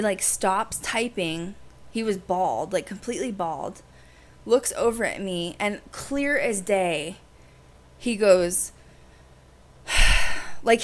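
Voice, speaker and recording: A young adult woman who hosts a podcast, telling a personal story to her livestream audience in a casual, animated way with lots of "like". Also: on the low side. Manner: animated, fast, heavy use of "like". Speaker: podcast host.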